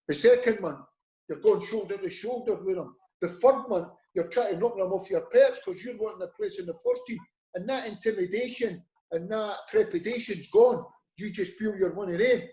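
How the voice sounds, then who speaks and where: A man's voice: high-pitched, mellow. A middle-aged man with a Scottish accent, a former football manager telling stories as a guest and acting out the voices of people he quotes. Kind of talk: conversational storytelling. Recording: roomy echo.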